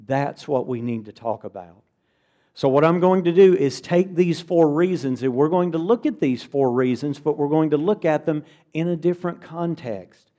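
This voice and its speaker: A man's voice: a little high, darkish tone. A middle-aged man preaching a conversational, earnest sermon to a church congregation, often repeating words for emphasis.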